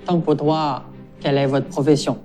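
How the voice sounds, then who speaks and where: An actor playing a man who asks about professions in French, in a measured, even delivery. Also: fairly high pitch, lightly acted.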